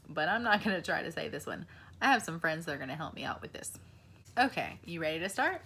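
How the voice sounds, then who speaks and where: A woman in her twenties or thirties gives a slow, encouraging lesson to young children and asks them questions. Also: fairly low pitch, fairly bright tone, slight background noise. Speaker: preschool teacher.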